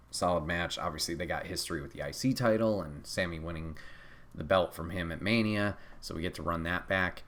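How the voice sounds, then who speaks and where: A man hosting a podcast, recapping a live wrestling show in a casual, animated way, acting out quotes with frequent laughs and swearing. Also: deep voice. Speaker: podcast host.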